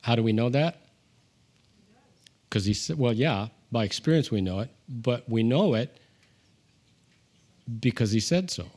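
A man preaching a sermon, conversational with asides, rising in pitch and volume when he reads scripture aloud. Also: animated, a little slow, long pauses, darkish tone. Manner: conversational with asides and self-deprecating humor. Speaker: pastor.

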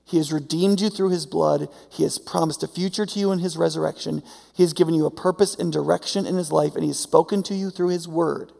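Male pastor, conversational preaching style, high gravelly voice, recorded in an echoing hall. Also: a little mellow. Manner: conversational, frequent "right?" and "like". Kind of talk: sermon. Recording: long hall reverb.

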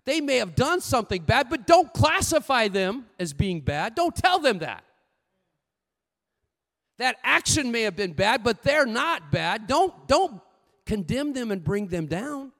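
A man preaching a sermon with lively storytelling, swinging between loud bursts and hushed asides. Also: very high voice, unhurried, in a large hall.

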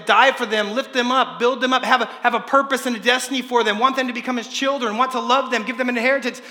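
A man preaching a sermon as pastor, passionate, swinging from loud emphasis to hushed intensity. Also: extremely high pitch. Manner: passionate preaching, rising and dropping in loudness. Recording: echoey hall reverb.

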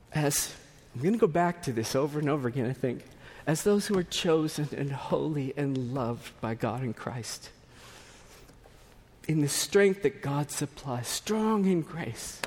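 A male pastor preaches in a chatty, storytelling way, full of asides and restarts. His voice sits a bit higher than most men's. Long reverb from a large sanctuary hangs behind him. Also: a little mellow, breathy edge. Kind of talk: sermon.

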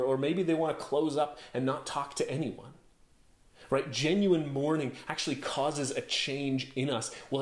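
Pastor, male, mid-pitched voice, conversational sermon delivery, roomy echo. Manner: conversational storytelling preaching. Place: home office.

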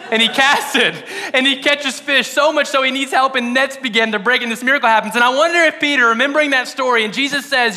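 A man's voice: extremely high pitch, lively intonation, fairly quick, bright, forceful tone. A man preaching in a casual, playful, conversational way on a podcast sermon. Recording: long hall reverb.

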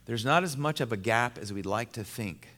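A man preaching a sermon to a men's gathering, emphatic and repetitive, moving between loud, rising passages and hushed, intense ones. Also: mid-range voice, animated, normal speed. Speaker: pastor. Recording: long hall reverb.

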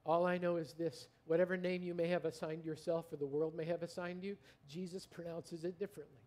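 A middle-aged man preaching a sermon, telling stories and swinging from loud emphasis to a hushed, near-whispered delivery. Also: fairly high pitch, little pitch movement, brisk. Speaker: pastor.

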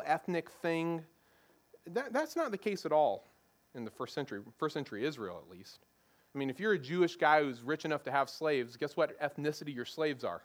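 Pastor, male, high-pitched, conversational sermon delivery with rhetorical questions. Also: a bit bright.

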